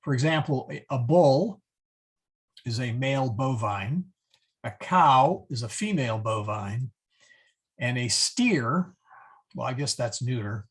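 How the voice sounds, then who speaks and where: A man teaching a Latin class in a halting lecture, with many fillers and self-corrections. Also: medium pitch, lively intonation, husky.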